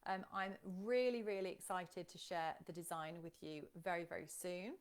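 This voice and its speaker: A woman's voice: lowish voice, moderate pace, smooth. A woman hosting a casual live stream, chatting and reading out viewer comments, with frequent ums.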